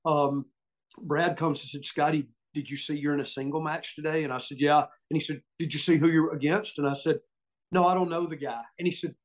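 A man's voice: a little high, a little fast. A middle-aged man with a Southern US accent, telling stories casually and acting out the quotes. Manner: animated, acts out quotes, laughs often. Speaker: podcast guest, former wrestler. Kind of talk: casual storytelling.

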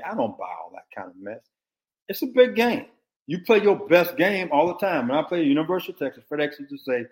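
An older man, a former football coach, giving blunt, animated opinions in casual sports talk. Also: mid-range voice, brisk.

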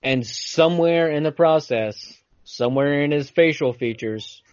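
A man's voice: on the high side, a little slow, no echo, dull audio. A man co-hosting a podcast in casual banter, telling rambling stories and teasing his co-host.

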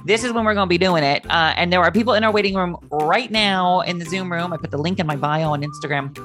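A middle-aged man hosting a call-in show, chatting and telling a story in a lively, animated way. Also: high-pitched, fast, faint music behind. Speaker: host. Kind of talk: casual chat show talk. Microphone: video call.

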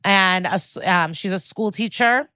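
A woman's voice: mid-range voice, unhurried, clear, resonant tone, no echo, clean studio sound. A woman co-hosting a podcast, recapping a TV episode in casual chat, acting out the characters' lines and swearing freely as she comments. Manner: animated, acts out characters' lines.

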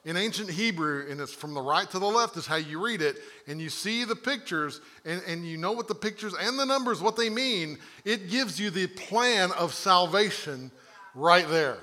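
A man's voice: high-pitched, animated, normal speed, sharp tone. A man preaching a sermon to a church congregation in a conversational, rambling way, often checking in with "right?". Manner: conversational, digressive, frequent rhetorical "right?". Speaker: pastor. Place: church sanctuary.

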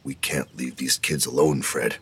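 A man voicing a gruff adult male chaperone who speaks in a low rumble. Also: steady tone, unhurried, fairly bright tone, heavily acted. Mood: uneasy. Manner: rumbling, hesitant.

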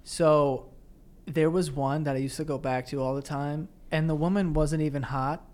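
A young man co-hosting a podcast, talking in a loose, rambling way. His voice sits a little high. He laughs easily and keeps the chat casual. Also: steady tone, normal speed, darkish tone. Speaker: podcast co-host.

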